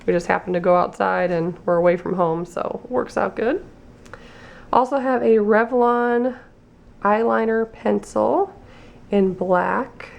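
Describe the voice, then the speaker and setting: Gravelly-voiced woman doing a casual unboxing. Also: medium pitch, muffled recording. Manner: chatty, reads labels aloud slowly. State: losing her voice. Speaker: beauty vlogger.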